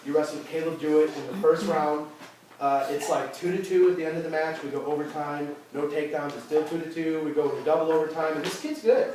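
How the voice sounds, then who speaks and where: A fairly high-voiced man coaching a youth wrestling team, recounting matches with lots of energy and restarts. He is heard from a distance in a very echoey hall, with a crowd murmuring behind him. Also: quick pace. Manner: animated storytelling, many fillers and restarts. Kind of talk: end-of-season speech to a team. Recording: roomy hall, voice from far off, crowd noise.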